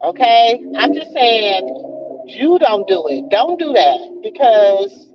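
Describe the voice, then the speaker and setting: A medium-pitched woman hosts a live stream, very animated yet taking it slowly, with background noise in the dull, lo-fi audio. Folksy and preachy, she calls her viewers baby and child and repeats "you know what I'm saying."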